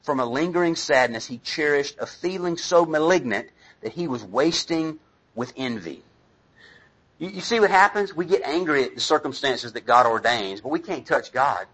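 A man's voice: a little high, expressive, normal speed, fairly bright tone, husky, poor audio. A middle-aged man, a pastor, preaching a sermon in a conversational, self-deprecating way, with asides to the congregation.

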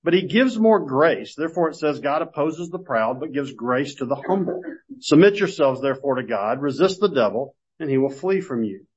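Guy teaching bible class, folksy storyteller, middle pitch, kinda dull lo-fi sound. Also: expressive, slightly rough. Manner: folksy, self-deprecating storytelling, then a measured scripture reading. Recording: dull lo-fi recording.

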